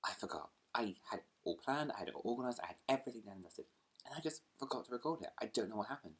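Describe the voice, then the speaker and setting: A man's voice: on the low side, expressive, very fast, a bit bright, husky. A man chatting casually to camera at home as a book vlogger, rambling between asides and laughing easily. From United Kingdom.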